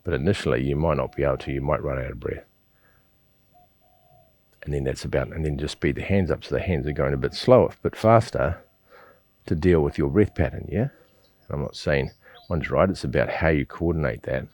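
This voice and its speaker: A man teaching a qigong breathing exercise, coaching patiently and checking in often with a quick "yeah?". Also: extremely low pitch, a little mellow. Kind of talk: guided exercise instruction.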